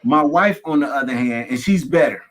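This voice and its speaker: A pastor speaking candidly as a guest, emphatic, with folksy humorous asides and runs of repeated phrases. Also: male voice, mid-range voice, animated, normal speed, fairly bright tone. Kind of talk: candid conversational testimony.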